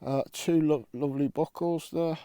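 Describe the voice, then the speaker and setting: A man's voice: fairly high pitch, fairly even intonation, normal speed, mellow, clean tone, dry recording. A man filming his metal detecting vlog outdoors on a windy island, joking, bantering and swearing as he goes. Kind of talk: casual vlog commentary. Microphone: camera mic with wind muff.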